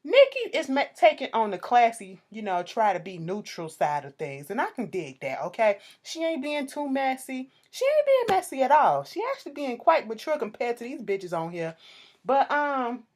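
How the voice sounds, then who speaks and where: Animated lady recapping reality tv, cussing a lot, pitch jumping way up and down. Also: moderate pace. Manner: animated, sassy, swears freely, acts out quotes. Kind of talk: casual profane recap.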